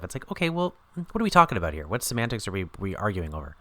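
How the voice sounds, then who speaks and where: A man's voice: medium pitch, lively intonation, quick pace, fairly bright tone, no room sound. A man co-hosting a podcast, chatting casually about a TV series with jokey, sarcastic asides. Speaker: podcast co-host. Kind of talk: casual chat about a TV show.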